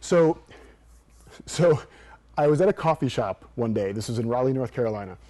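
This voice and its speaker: A performance coach appears as an interview guest, an animated storyteller who acts out the people in his stories and quotes them. He speaks at a medium pitch and moderate pace.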